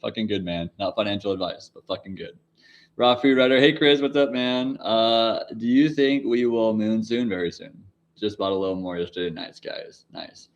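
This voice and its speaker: A man's voice: on the low side, normal speed, dull audio. A man in his forties hosting a casual livestream, answering chat questions in a rambling way, laughing often and swearing now and then. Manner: rambling, laughs often, sudden loud outbursts.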